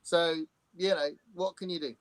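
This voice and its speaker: A man with an English accent hosting a casual video-call chat, telling lively stories and chuckling as he goes. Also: on the high side, normal speed, dry recording. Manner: animated storyteller, chuckles often.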